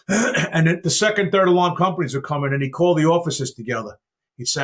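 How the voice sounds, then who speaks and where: A man hosting a podcast, telling stories in a lively casual way and asking questions. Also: fairly high pitch, brisk. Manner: animated storyteller with chuckles and asides. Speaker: podcast host. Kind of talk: casual chat.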